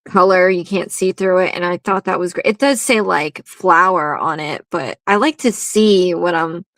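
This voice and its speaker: A woman's voice: lowish voice, normal speed, no room sound. Chatty woman hosting a live stream. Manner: chatty, reads viewer comments aloud, laughs often. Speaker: host of a live nail art stream. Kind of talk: casual live-stream chat.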